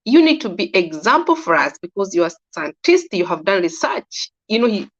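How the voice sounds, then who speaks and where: A Kenyan woman commentator shares her earnest opinion in a casual monologue, restarting sentences and repeating herself. Her medium-pitched voice is sing-song at normal speed, and the recording sounds dull and lo-fi.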